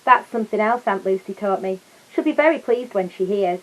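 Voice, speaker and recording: A woman's voice: mid-range voice, expressive, brisk, highs cut off, natural voice. Paddington, a woman doing a polite young bear. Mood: earnest.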